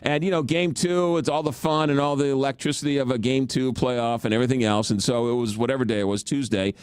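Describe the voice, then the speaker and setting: A man hosting a radio talk show, telling a story in an animated, self-mocking way. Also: medium pitch, fast talker, clear, resonant tone, no echo.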